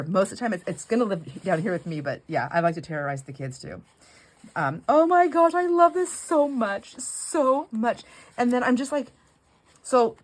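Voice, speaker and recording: A middle-aged woman chatting casually as a craft vlogger, gushing and rambling with self-corrections, turning squeaky when excited. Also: low-quality recording. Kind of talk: casual chat while opening mail.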